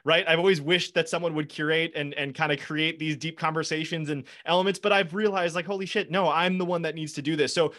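A man's voice: on the high side, steady tone, quick pace, few pauses, sharp tone. Earnest rambling male podcast host. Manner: earnest, rambling, frequent restarts and mild swearing. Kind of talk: casual interview chat. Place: home studio with foam panels.

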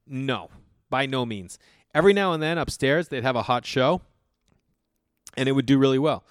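A man's voice: medium pitch, lively intonation, moderate pace, no room sound, studio quality. A man hosting his own podcast, telling work stories in a rambling, casual way with swearing and lots of fillers. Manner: rambling, profane, frequent fillers and restarts. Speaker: podcast host. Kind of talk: casual solo storytelling.

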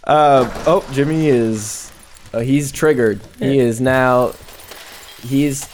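A man's voice: mid-range voice, slow, darkish tone. A man hosting a podcast in casual chat, easygoing and joking as he runs the segments. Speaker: podcast host.

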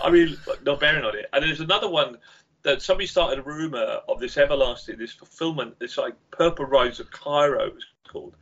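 A man talking as a podcast guest, an animated storyteller who laughs while telling anecdotes, on a dull lo-fi recording. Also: medium pitch. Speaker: game company founder, podcast guest. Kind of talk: casual podcast conversation.

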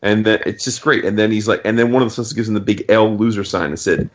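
A man's voice: on the low side, fairly even intonation, quick pace, dull audio. A man casually recapping a comic book on a podcast, rambling with lots of fillers and swearing, acting out the characters' lines. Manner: rambling, profane, acts out quoted dialogue, frequent fillers. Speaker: podcast host.

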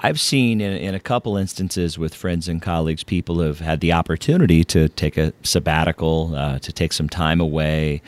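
A man hosting an interview, framing his questions haltingly, with frequent restarts. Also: extremely low pitch, fairly even intonation, dry recording. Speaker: podcast host. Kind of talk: conversational interview.

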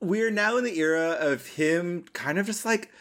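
A man's voice: sits high, normal speed, a bit bright. Rambling, blunt male podcast co-host. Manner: rambling, blunt, heavy on fillers and swearing. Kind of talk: casual film podcast chat.

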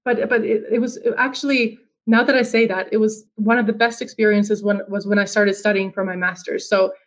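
A woman's voice: medium pitch, flat delivery, a little fast, rough recording. A woman in her thirties from Finland, chatting casually on a podcast, telling stories with lots of restarts and quoted asides. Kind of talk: casual chat.

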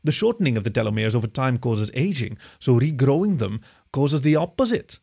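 A man's voice: mid-range voice, sing-song, brisk, gravelly, mellow. A man voicing a tired young kitten officer who explains technical matters precisely. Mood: explaining.

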